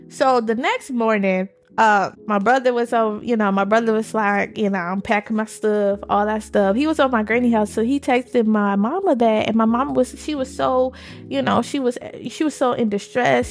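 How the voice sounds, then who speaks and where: A woman co-hosting a podcast, telling a faith testimony in an emphatic, animated, casual way. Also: on the high side, normal speed. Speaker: podcast co-host.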